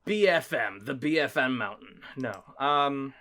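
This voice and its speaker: A man narrating as game master of a tabletop game, casual and quick to laugh. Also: mid-range voice, lively intonation, pushed and bright. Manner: casual, laughing, voices his characters.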